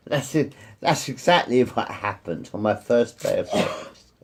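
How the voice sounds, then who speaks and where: A vlogger in his fifties rambles through personal stories in a gravelly, rough-edged voice. His pitch rises and falls with lively expression, and he circles back to repeat himself while swearing freely and constantly.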